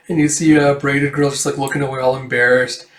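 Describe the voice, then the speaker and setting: A man's voice: mid-range voice, fairly bright tone. Rambling man reading a comic aloud. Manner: rambling, filler-heavy retelling. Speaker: comic reader. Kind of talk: casual comic read-aloud. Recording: roomy echo.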